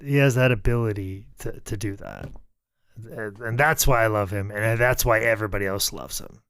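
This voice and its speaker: A man co-hosts a podcast, casually telling stories, swearing freely, and acting out quotes. His voice sits on the low side at normal speed, a bit bright, clear, and resonant. The recording is clean studio sound with no echo.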